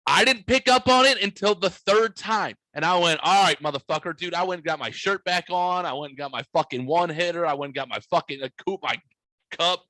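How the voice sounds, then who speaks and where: A man hosting a casual podcast, telling a story with lots of swearing and acting out his own yelling. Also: high voice, fairly quick, dry recording. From United States. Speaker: podcast host.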